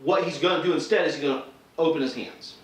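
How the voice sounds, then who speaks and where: Here a self-defense instructor talks fast in a voice on the high side, keeping it casual with plenty of restarts and acted-out lines while he shows techniques. The recording is echoey, with the mic well away from him.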